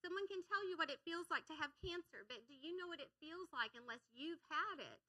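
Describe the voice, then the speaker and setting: A woman's voice: extremely high pitch, lively intonation, fairly quick, pushed and bright, poor audio. A middle-aged woman, a pastor's wife, preaching a sermon in a church, earnest and repeating phrases for emphasis. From United States. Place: church sanctuary.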